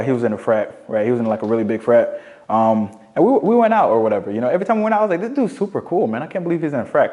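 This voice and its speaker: A young man coaching on dating, telling casual stories in a slangy, profane, animated way. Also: mid-range voice. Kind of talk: casual storytelling monologue.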